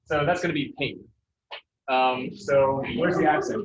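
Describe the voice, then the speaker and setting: Speaking unhurriedly in a mid-range voice, a man gives a Spanish pronunciation lesson to his class, casual and full of filler words. It's a very noisy, echoey classroom recording that sounds distant and dull.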